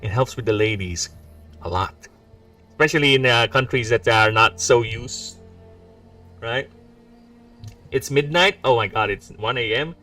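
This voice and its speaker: A man's voice: medium pitch, a little slow, long pauses, pushed and bright. A man in his forties from the Philippines, an indie game developer chatting casually on a livestream, reading lore aloud with rambling, self-mocking jokes. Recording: distant mic with background music.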